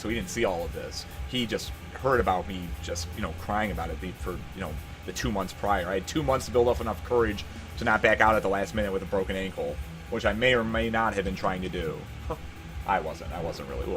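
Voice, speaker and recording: A man's voice: fairly low pitch, a bit bright. A man streaming live while he plays a game, chatting casually and telling a rambling, self-deprecating story into a desk microphone.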